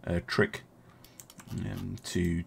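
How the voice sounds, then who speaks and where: A young man casually commenting as he streams a strategy game, thinking aloud, chatting with his viewers and filling pauses with many ums and uhs. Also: low voice, flat delivery, creaky, slight background noise.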